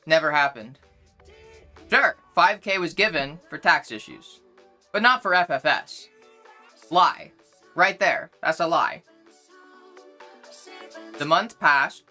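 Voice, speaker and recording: A young female streamer keeps pressing her argument with chat during a laid-back livestream, saying the same things over and over. Her low voice comes across bright and forceful, with faint music in the background.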